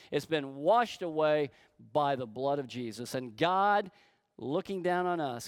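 A man preaching a sermon to his church, emphatic and slowing on key words. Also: a little high, clean tone, no echo, clean studio sound. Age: adult, grew up in church. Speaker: pastor.

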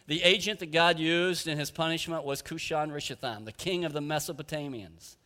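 Pastor guy preaching, bright forceful voice, kinda high, long church reverb. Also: fairly quick, hardly any pauses. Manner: earnest, emphatic preaching with rhetorical questions. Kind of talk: sermon. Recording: echoey hall with long reverb.

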